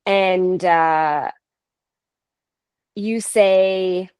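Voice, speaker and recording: Casting: woman, 30s, from Canada, unhurried animated storyteller, dry close sound. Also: on the low side, clean tone, dry recording. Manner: animated, laughs often, quotes others. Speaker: paranormal investigator guest. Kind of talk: casual storytelling.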